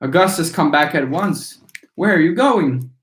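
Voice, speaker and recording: A man voicing a shrill, panicky mother, read aloud in an echoey room. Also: lively intonation, moderate pace, a little mellow, close to an everyday voice. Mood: panicked.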